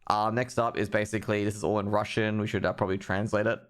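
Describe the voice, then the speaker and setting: Profane ranting man, low voice. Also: level tone, fast, smooth. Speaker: streamer host. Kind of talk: live-stream esports commentary.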